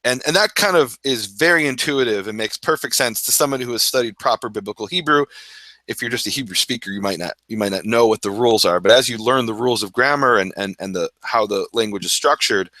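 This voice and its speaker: A man, a Hebrew scholar, telling a story in an interview, animated, laughing now and then and acting out what he once said. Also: mid-range voice, fast, no room sound. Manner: animated, laughs often, acts out his own past words.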